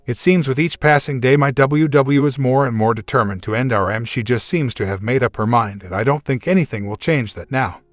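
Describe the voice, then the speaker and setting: A man at a middle pitch narrates a written first-person account in a steady, even way. His voice is close and dry, with no room sound around it. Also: no echo. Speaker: story reader.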